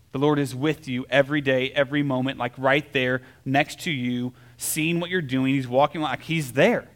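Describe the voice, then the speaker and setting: Casual, chatty young man preaching. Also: a little high. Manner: conversational, lots of filler "like" and "right?"; animated storytelling, swings between soft and loud. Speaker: pastor. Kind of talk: casual sermon.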